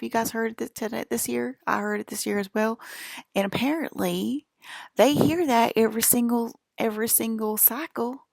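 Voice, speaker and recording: A woman's voice: on the high side, fairly even intonation, moderate pace, gravelly, darkish tone, no echo, clean studio sound. A woman talking to camera in a rambling, emphatic monologue, swearing and checking in with "okay?" after her points. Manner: emphatic, profane, keeps asking "okay?". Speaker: vlogger.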